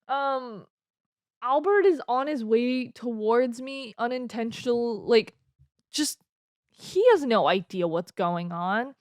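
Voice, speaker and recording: A woman's voice: fairly high pitch, expressive, slow pace, pauses often, no room sound, clean studio sound. A young woman in her twenties telling a casual story from her life at home. She talks chattily, laughs often and uses many fillers. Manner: chatty and giggly, with lots of fillers. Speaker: vlogger. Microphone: desk mic.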